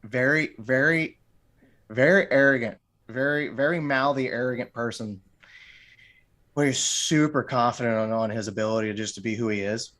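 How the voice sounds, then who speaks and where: A man's voice: mid-range voice, fairly even intonation, moderate pace, a bit bright. A middle-aged man, a martial arts gym owner and podcast guest, talking casually and rambling, often repeating words and restarting.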